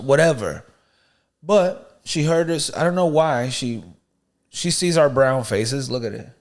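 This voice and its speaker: A man co-hosting a podcast, telling a story in a casual, animated, slangy way. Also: mid-range voice, measured pace. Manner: animated, slangy, "you know what I mean", "bro". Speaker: podcast co-host.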